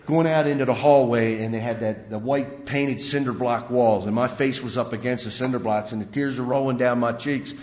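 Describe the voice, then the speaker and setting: A middle-aged man tells his own recovery story at a meeting, plainspoken, with many fillers and repeated words. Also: on the low side. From Maryland. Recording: muffled recording in a reverberant hall.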